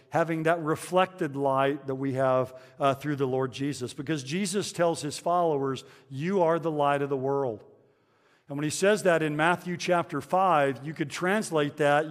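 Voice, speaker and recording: Guy preaching a sermon, lots of uh's and restarts, slightly high voice, echo hanging in the church. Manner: conversational preaching with frequent fillers and restarts. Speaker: pastor.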